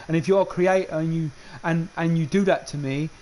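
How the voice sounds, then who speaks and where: A man delivers an unscripted rant as a gaming streamer. His voice sits high, and he keeps circling back to the same points, stammering on restarts as his frustration builds. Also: a little fast, dark tone. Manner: heated, repetitive, stammers on restarts. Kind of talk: unscripted ranting monologue.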